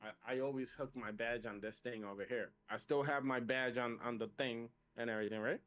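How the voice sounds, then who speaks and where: A man's voice: medium pitch, fairly even intonation, a little fast, a bit bright. A man with a non-native accent, co-hosting a podcast and telling a casual story animatedly, acting out both sides of a conversation. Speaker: podcast co-host.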